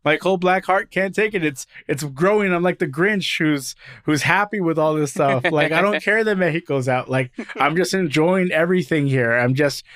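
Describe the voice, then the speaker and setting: A man's voice: on the high side, moderate pace, hardly any pauses, fairly bright tone, no echo, clean studio sound. A man co-hosting a podcast in casual sports chat, enthusiastic and playful, often repeating words as he talks. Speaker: podcast co-host.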